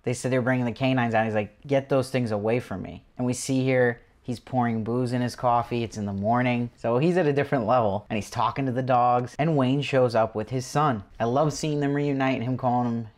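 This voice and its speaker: A man's voice: medium pitch, fairly quick, few pauses. A man hosting his own TV review show, talking casually through an episode and quoting characters in passing. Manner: animated, quotes characters in passing. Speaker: TV review host.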